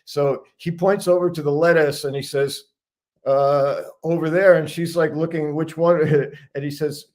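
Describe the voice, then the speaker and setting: A man's voice: a little high, fairly even intonation, measured pace, a little mellow. A man telling a casual anecdote on a live chat show, chuckling and restarting his sentences as he goes. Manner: chatty storyteller, frequent restarts and chuckles. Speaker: guest sharing an anecdote.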